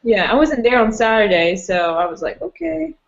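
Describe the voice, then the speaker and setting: Woman, student, average pitch, short replies, dry humor, dull lo-fi call audio. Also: normal speed. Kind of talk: casual chat in a study session. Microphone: video call.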